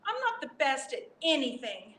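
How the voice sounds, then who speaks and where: A woman voicing a boastful young male crocodile in a picture-book reading, speaking in a bragging, drawn-out way. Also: high voice, sing-song, a bit bright. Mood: glum. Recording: roomy, distant mic, faint hiss.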